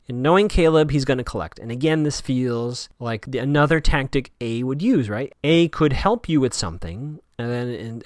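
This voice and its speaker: A man's voice: medium pitch, fairly bright tone, no room sound, clean studio sound. A man hosting a podcast, casually retelling TV scenes and quoting the characters as he goes. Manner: chatty, retells scenes with quoted lines. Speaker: podcast host recapping a TV episode. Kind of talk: casual solo recap.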